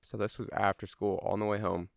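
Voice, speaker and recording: Young man, casual storyteller; low, smooth voice with a loose, rambling and profane delivery. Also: level tone, fairly quick, no echo, clean studio sound. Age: young adult. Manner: rambling, swears freely, lots of fillers.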